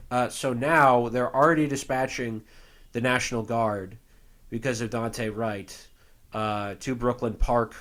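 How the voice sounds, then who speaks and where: A man's voice: mid-range voice, fairly bright tone. An American man co-hosting a podcast, talking casually and rambling with plenty of fillers and restarts. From United States. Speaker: podcast co-host. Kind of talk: casual chat.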